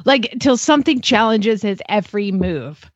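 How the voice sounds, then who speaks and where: A woman co-hosting a podcast in casual chat, animated and jokey and laughing often. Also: mid-range voice, normal speed, no room sound, dull audio. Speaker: podcast co-host.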